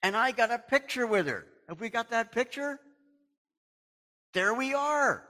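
A man's voice: very high-pitched, expressive, unhurried, sharp tone. A middle-aged man from Canada, a pastor talking to his congregation in a chatty, folksy way, chuckling often. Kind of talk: casual sermon announcements and storytelling.

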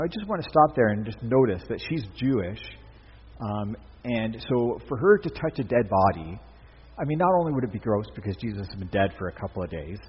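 A man's voice: on the low side, slightly rough. A man giving a sermon as pastor, speaking in a conversational, emphatic way with repeated phrases. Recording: dull, echoey hall recording.

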